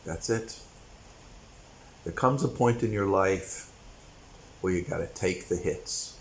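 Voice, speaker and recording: A man's voice: sits low, slow pace, slight background noise, rough recording. A man hosting a commentary channel, delivering a rambling, opinionated monologue with sudden bursts of emphasis.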